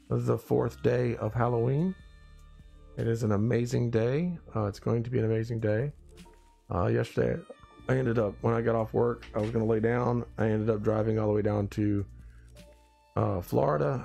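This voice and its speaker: Tired gravelly-voiced man greeting viewers. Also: medium pitch, warm tone. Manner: rambling, greets viewers by name, drawn-out phrasing. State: tired, groggy after little sleep. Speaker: live stream host. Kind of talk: casual morning live stream chat.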